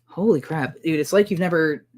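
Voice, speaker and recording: A man in a heated online debate, talking fast over the other man with exasperated outbursts and insults. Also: on the high side, darkish tone. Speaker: debater defending the trailer.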